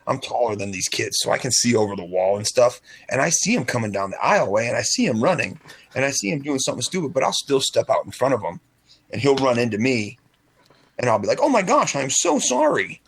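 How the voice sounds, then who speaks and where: A man's voice: mid-range voice, expressive, fast, a little hiss or hum. A man working as a restaurant server, chatting casually on a radio show and acting out bits of dialogue in rambling stories. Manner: frequent restarts and stutters.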